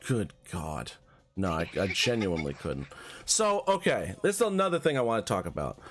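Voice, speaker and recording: A man narrating his card-game run in loose, joking chatter. His pitch swings widely from line to line, and he breaks into laughter easily while bantering with his co-host. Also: over music. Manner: animated, quick swings in pitch, laughs often. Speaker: streamer playing a card game. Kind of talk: casual gameplay commentary with banter.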